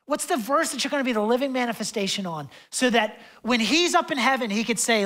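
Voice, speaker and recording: A young adult pastor preaches in a rambling, conversational manner, full of fillers and side comments. He swings passionately between loud and hushed stretches, with a very high-pitched voice, lively intonation, and a quick pace.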